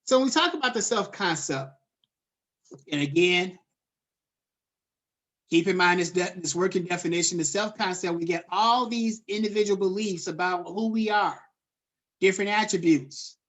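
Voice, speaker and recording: A man's voice: sits high, normal speed, pauses often, a bit bright. Male lecturer, online class, casual and chatty, calls on students by name. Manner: casual, loose and conversational, checks in with students by name, many fillers. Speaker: college lecturer.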